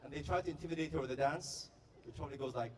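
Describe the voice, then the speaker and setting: A man performing stand-up comedy at a staff party, telling stories with quick, playful delivery and deadpan punchlines. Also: on the high side, distant mic, some chatter behind, slight background noise. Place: party venue before a live audience.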